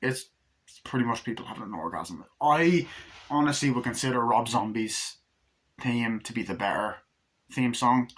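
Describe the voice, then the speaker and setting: A man's voice: mid-range voice, moderate pace, poor audio. A man giving a casual, rambling movie review, swearing freely and retelling scenes.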